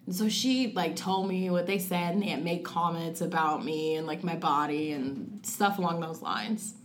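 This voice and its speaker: With a slightly low voice and fairly even intonation, a young guest tells a personal story in casual conversation, using lots of "like" and quoting her past thoughts. She hurries some phrases and lingers on key words, over a little hiss or hum.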